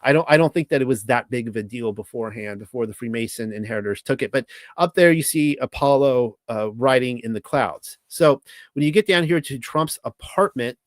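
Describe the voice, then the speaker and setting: A man in his thirties with a Californian accent, rambling through a casual monologue as host. He halts, restarts and fills the gaps with "uh" and "um". His voice sits at a middle pitch, recorded close and dry with no room sound. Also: no room sound. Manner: rambling, halting, with many restarts and fillers.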